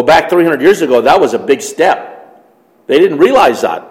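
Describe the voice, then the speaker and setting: Man with a higher voice, echoing hall. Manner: emphatic, storytelling with rising stresses. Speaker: Christian teacher lecturing on biology. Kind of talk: religious teaching talk. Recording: long hall reverb.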